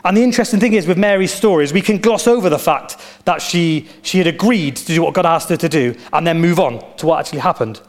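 A man preaching a sermon as pastor, with animated storytelling and emphatic repetition. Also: a little high, quick pace, hardly any pauses.

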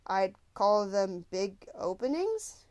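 A woman's voice: a little high, expressive, normal speed, darkish tone, no echo, lightly acted. A frustrated teenage boy who presses for answers, read by a woman. He sounds guarded and suspicious. It is told as a storybook voice. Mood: puzzled.

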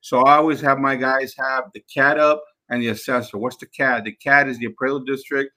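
A man's voice: medium pitch, flat delivery, fairly quick, bright, forceful tone. A man, hosting a podcast and giving an instructional talk, emphatic and repeating himself as he addresses the listeners as guys. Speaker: podcast host and sales trainer.

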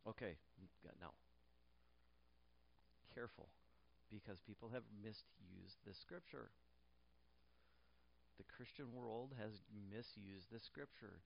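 A man's voice: fairly low pitch, slow pace, gravelly, pauses often, highs cut off, slight background noise. A male pastor preaching a sermon in church, repeating key phrases and restarting lines, with light jokes for the congregation.

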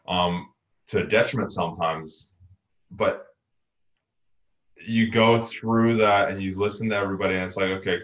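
Deep-voiced man in an echoey room. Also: a bit bright. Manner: earnest, rambling, self-correcting. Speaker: podcast co-host. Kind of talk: casual podcast conversation.

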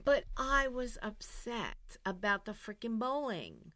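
A middle-aged woman hosting a recovery program, telling a personal story in a blunt, candid monologue with animated swings in loudness. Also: mid-range voice, slow pace, no echo. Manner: blunt, animated, swings into loud exclaims and laughs.

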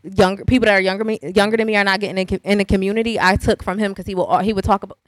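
A woman's voice: medium pitch, little pitch movement, rapid-fire, no echo. A woman chatting on a casual panel, talking in a rambling, teasing way. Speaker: panel guest.

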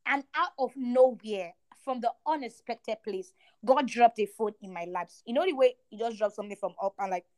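High-voiced young woman telling faith stories. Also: normal speed. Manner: animated storyteller, emphatic repetition. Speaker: podcast co-host. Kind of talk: faith testimony chat.

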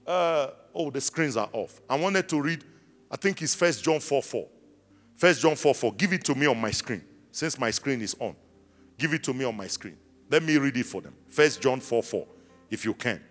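A man's voice: medium pitch, animated, normal speed. A man preaching a sermon to his church congregation, from South Africa, calling out questions for the people to answer back. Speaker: pastor. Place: large church hall. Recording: long hall reverb with faint music.

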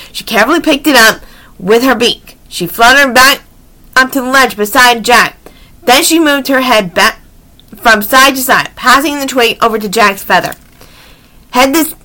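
A woman reading children's books aloud in an animated, expressive way with chatty asides. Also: on the high side. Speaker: story reader.

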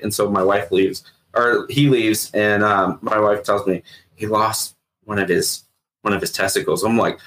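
This retired sheriff's investigator, a middle-aged man with a fairly low pitch, shares his story at a normal speed during a casual interview. His telling is lively, full of acted-out quotes and laughter, though the recording quality is low.

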